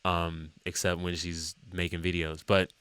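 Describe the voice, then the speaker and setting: A man musician talking casually to camera about his songs, rambling with many fillers and sudden jumps up in pitch. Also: level tone, unhurried, a bit bright, smooth, dry recording. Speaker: musician and TikTok creator.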